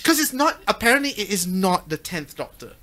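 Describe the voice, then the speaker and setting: A podcast co-host talking in an eager, chatty way in quick bursts. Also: mid-range voice, very animated, bright, forceful tone. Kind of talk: casual chat.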